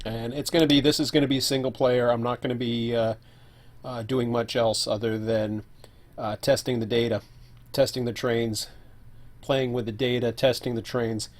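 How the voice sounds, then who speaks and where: Male live streamer, casual, rambling, thinks aloud at a desk mic, midrange pitch. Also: level tone, moderate pace. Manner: thinking aloud, rambling with fillers and self-corrections; eating while talking.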